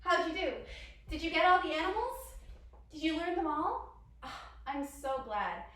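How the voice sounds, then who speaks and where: Woman, high voice, kids' yoga lesson, playful and coaxing, distant mic. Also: big pitch swings, moderate pace, pushed and bright. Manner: playful, sing-song, coaxing questions to children. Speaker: children's yoga teacher. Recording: echoey room, distant mic.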